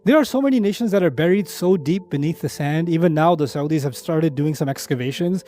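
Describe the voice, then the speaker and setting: Animated high-voiced male lecturer. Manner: animated, conversational, with asides and analogies; recites Quranic Arabic rapidly. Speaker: Islamic lecturer. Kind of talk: religious lecture.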